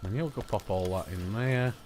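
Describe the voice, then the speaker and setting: A man's voice: lowish voice, moderate pace. A man giving casual gameplay commentary as a let's play host, chatty and muttering asides to the objects on screen.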